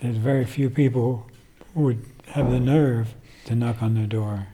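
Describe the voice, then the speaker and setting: A man's voice: medium pitch, steady tone, measured pace, dark tone, slightly rough. An older man, a songwriter, reflecting at length in a casual interview, rambling with fillers. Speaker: songwriter guest.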